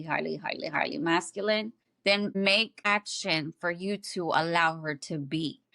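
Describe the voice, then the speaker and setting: A woman hosting a podcast, telling stories and giving blunt advice in a casual, animated and profane way, speaking straight to her listeners. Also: on the low side, dry recording, studio quality. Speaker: podcast host. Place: at home, wrapped in a blanket.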